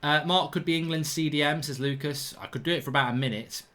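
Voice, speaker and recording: A man's voice: fairly high pitch, fast talker, sharp tone. A man hosting a live football watchalong, chatting casually, giving opinions and reading out viewer comments. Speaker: host.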